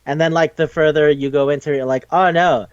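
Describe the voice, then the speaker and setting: A man's voice: on the high side, little pitch movement, quick pace, a little mellow, smooth, no room sound, lo-fi sound. A man co-hosting a podcast in casual chat, rambling loosely with lots of "like", swearing freely and acting out quoted lines as he retells a story. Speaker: podcast co-host.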